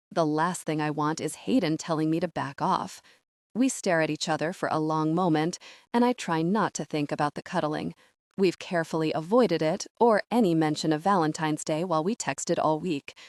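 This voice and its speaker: A woman narrating a first-person romance audiobook in an expressive, conversational storytelling manner, recorded on a close studio mic. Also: low-pitched, moderate pace, dry recording.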